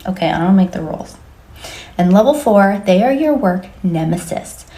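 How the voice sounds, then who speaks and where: Mellow woman in an echoey room. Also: medium pitch, animated, normal speed. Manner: wry, list-like delivery. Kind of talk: explainer to camera.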